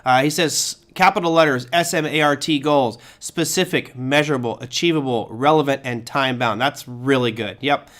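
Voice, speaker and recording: A man hosting a casual chat, telling stories in an animated, joking way. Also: medium pitch, moderate pace, few pauses. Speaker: host and trading instructor.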